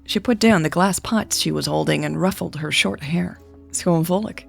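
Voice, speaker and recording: A woman who hosts a podcast, reading a romance story aloud in a calm, even way. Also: low-pitched, moderate pace, creaky, breathy edge, faint music behind. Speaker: podcast host and narrator.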